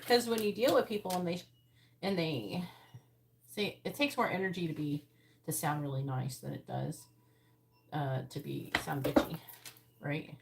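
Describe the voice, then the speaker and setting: A woman's voice: low-pitched, normal speed, gravelly, long pauses. Blunt, foul-mouthed woman reading tarot. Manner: blunt, profane, sounds angry. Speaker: tarot reader. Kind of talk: live-stream tarot reading. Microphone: earbuds. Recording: loud background noise.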